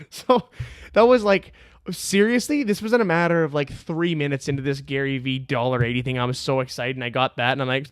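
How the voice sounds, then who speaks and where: A man's voice: on the high side, normal speed, a bit bright, no room sound, studio quality. A man hosting his own podcast, telling a story casually and with energy, swearing freely and laughing as he talks, recorded on a video camera on a tripod. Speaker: podcast host.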